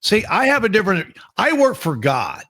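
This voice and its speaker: A man with a fairly high, lively voice speaks on a faith podcast. He talks in a sincere, reflective way with steady conviction, and his pitch moves up and down a lot. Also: normal speed. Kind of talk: casual faith podcast conversation.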